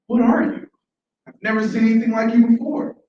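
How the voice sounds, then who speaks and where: A man's voice: extremely high pitch, steady tone, fairly quick, a little hiss or hum, voice pushed up. A man voicing a ladybug that speaks bluntly and matter-of-factly. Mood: surprised. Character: fluttering ladybug, confident and blunt. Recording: echoey, dull, from far off.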